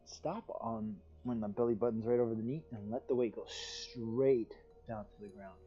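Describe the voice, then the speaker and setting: Chill yoga guy talking you through stretches, warm low-key voice, kinda dull audio w/ faint music. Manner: calm, soothing, drawn-out cues with sighs of relief. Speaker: yoga teacher. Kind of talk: guided yoga instruction. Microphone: livestream.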